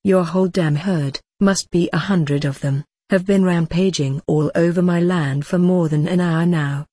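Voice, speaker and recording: A storyteller voicing a gruff, angry male farmer who phones a neighbor in the night, blustering and accusing. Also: mid-range voice, warm tone, no echo.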